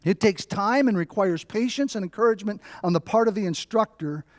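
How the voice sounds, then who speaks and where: This middle-aged pastor's high, brisk voice fills a church sermon built on stories and rhetorical "right?" asides. The recording is dry, with clean studio quality.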